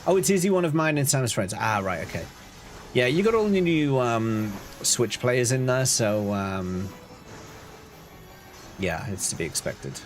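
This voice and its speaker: Over music, a man streams a video game in an animated, mid-range voice at a measured pace. He chats casually, reading out messages from chat and answering them with playful asides.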